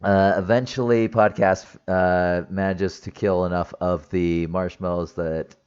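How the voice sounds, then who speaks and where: A very low-pitched man talks slowly through a film recap in a rambling, casual way, full of fillers and restarts. He sounds teary-eyed and emotional. The audio is dull and lo-fi. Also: fairly even intonation, darkish tone, clear, resonant tone. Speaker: movie reviewer. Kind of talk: casual spoiler review.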